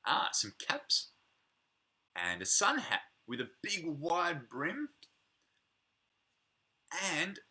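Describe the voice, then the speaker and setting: Very bright, animated man leading toddlers. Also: medium pitch. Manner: playful, animated, chatting to unseen children. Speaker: children's playgroup leader. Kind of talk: singing and reading to preschoolers on a livestream.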